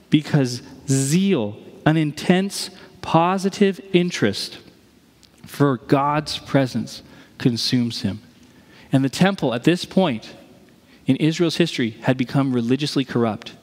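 A man's voice: fairly high pitch, animated, measured pace, long reverb tail. A man preaching a sermon in a conversational way, posing rhetorical questions to his listeners. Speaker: pastor.

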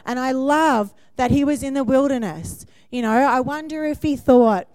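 A woman delivers a sermon in a fairly high, bright voice, chatty and personal, often checking in with a quick "yeah?". Her voice sounds close and dry, with no room echo. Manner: warm, conversational preaching with frequent "yeah?" check-ins and laughs. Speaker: preacher.

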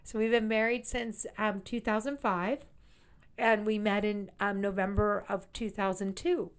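A woman chatting on a podcast, her voice at an ordinary middle pitch. She tells stories in a rambling, emphatic way and stresses her words by repeating them. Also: level tone, measured pace, clean tone. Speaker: psychic medium guest. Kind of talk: casual podcast chat.

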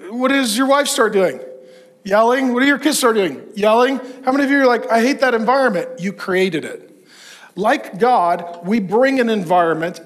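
A middle-aged man preaching a sermon to men, emphatic, with rhetorical questions and long lists. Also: very high-pitched. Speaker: pastor.

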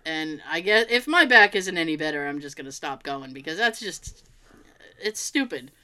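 A woman chatting casually, telling an animated, laughing story with plenty of swearing. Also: deep voice, moderate pace. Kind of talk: casual chat.

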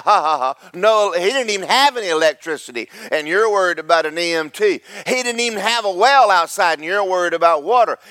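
Pastor, high tenor, preaching sermon with big dynamic swings, close dry mic. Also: male voice, dry recording. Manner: preaching with swings from loud and slow to quiet and quick.

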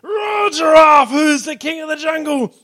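A man's voice: very high-pitched, a little fast, pitched above the performer's own voice, exaggerated voice. A man voicing a proud, boastful male lion who roars his challenges at other animals, in a joke told during a sermon. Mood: boastful roaring. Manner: loud roaring shouts.

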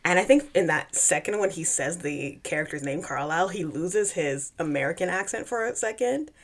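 A woman's voice: on the low side, animated, normal speed. A young woman co-hosting a podcast, casually recapping a book and laughing often as she mimics the characters. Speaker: podcast co-host.

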